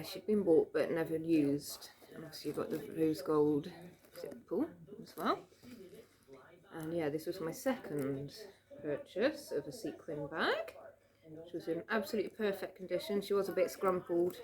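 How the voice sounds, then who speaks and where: A woman's voice: fairly low pitch, moderate pace, a crowd in the background. A British woman in a casual home video, talking through her handbag collection in a chatty, rambling way with fillers and small laughs. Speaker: vlogger. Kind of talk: casual show-and-tell chat. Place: home room.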